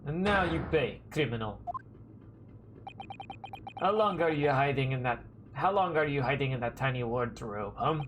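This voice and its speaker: A man voicing a gruff male Russian sailor interrogating a stowaway, with a put-on Russian accent and stiff, broken phrasing, over game music. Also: mid-range voice, expressive, normal speed, pauses often, fairly bright tone, slight background noise, close to an everyday voice. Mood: menacing.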